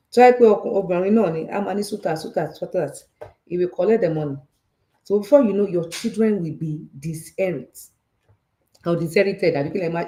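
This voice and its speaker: A Nigerian woman with a Yoruba accent hosts a casual finance talk, repeating points and firing off rhetorical checks. Her voice is mellow and warm. The recording has a roomy echo. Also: on the low side. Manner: animated and repetitive, with frequent rhetorical checks. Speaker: talk show host on personal finance. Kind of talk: casual teaching talk, switching between English and Yoruba.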